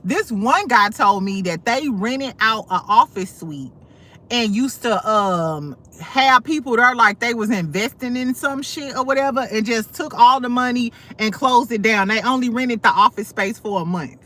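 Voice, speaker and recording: A woman's voice: fairly high pitch, moderate pace, a bit bright. Sassy, profane woman gossip host. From St. Louis. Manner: sassy, blunt, profane storytelling with many asides. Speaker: livestream host. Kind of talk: casual gossip commentary.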